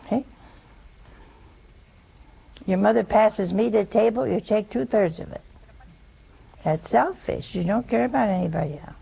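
A woman's voice: medium pitch, measured pace, vocal fry, long pauses, mellow, slightly rough, poor audio. A woman preaching a sermon in a folksy, teasing way, often asking her listeners questions.

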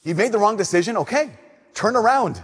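Young male preacher, slightly high, husky voice, animated sermon in a hall with long reverb. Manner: animated storytelling, shifting between loud emphasis and soft slow delivery. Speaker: Catholic priest.

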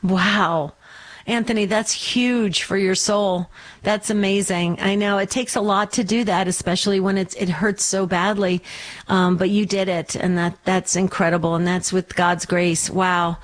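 A woman hosting a call-in radio show, affirming callers with gentle encouragement. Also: medium pitch, steady tone, unhurried.

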